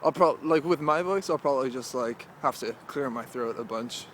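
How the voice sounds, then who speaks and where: A man's voice: medium pitch, fairly bright tone, a little hiss or hum. Rambling young man vlogging while walking. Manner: rambling, halting, full of "like". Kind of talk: casual walking vlog monologue. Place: outdoors, walking through a cemetery.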